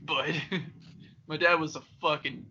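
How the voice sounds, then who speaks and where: Dude, swears a lot, bright edgy voice, cranks up high for his dad impressions, muffled podcast audio. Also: steady tone, takes it slowly. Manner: profane storyteller, loud high-pitched impressions of his dad. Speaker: podcast co-host. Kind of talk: casual chat.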